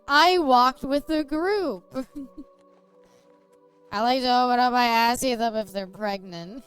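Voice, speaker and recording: A woman's voice: fairly high pitch, takes it slowly, long pauses, fairly bright tone, smooth, faint music behind. A woman streaming a game and chatting casually, giggling often and swearing freely. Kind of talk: casual gaming stream chat.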